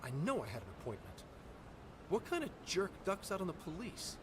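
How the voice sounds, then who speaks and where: A man's voice: high voice, wildly swooping pitch, a little fast, background noise. Grumbling irritated man.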